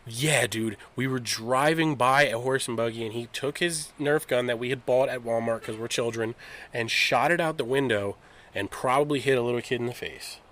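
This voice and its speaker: A young man trades loose jokes with a friend on a podcast, swearing freely and laughing easily. His voice sits at an ordinary middle pitch and the talk is relaxed chat. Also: moderate pace. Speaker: podcast co-host. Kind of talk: casual chat.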